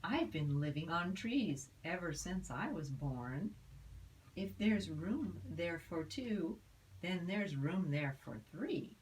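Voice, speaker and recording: A woman's voice: on the low side, expressive, slow, a little mellow, distant mic, slight background noise, rough recording. A woman voicing a pushy, cheeky little male bird in a storybook reading, chirping and sing-song. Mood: chirpy.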